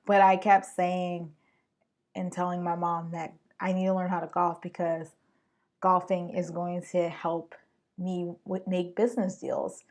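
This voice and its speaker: A woman hosting a solo podcast, talking straight to her listeners in an animated, slangy way. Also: on the low side, measured pace. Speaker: podcast host.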